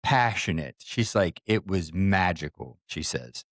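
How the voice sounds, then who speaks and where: A man's voice: deep voice, expressive, measured pace, dry recording, clean studio sound. A man co-hosting a podcast, telling a story in casual chat and acting out the people in it, then taking a firm stance. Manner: acts out quoted voices, takes firm stances. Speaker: podcast co-host.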